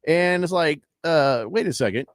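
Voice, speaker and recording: A man hosting sports radio talk, jokey and animated, reading listener comments aloud. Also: a little high, moderate pace, dry recording, clean studio sound. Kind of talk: casual sports radio banter.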